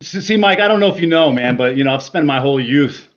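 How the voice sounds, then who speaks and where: A man's voice: a little high, expressive, quick pace. Brash, profane man on a lo-fi call. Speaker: guest on a live stream. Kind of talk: casual chat.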